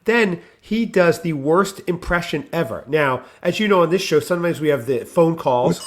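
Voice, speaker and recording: A man's voice: fairly high pitch, moderate pace. A man co-hosting a podcast in casual chat, wry and leading the talk, acting out scenes. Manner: wry, leads the discussion, acts out scenes. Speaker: podcast co-host.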